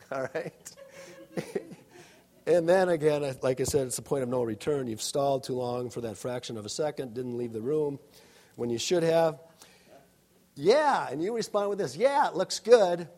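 A man's voice: medium pitch, moderate pace, long pauses, darkish tone. A middle-aged male pastor giving a sermon, conversational and humorous, often adding "all right?" to his points.

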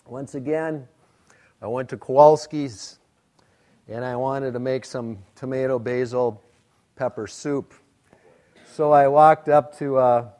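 A middle-aged man preaching a sermon, telling a story in an animated, self-mocking way. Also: medium pitch. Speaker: pastor.

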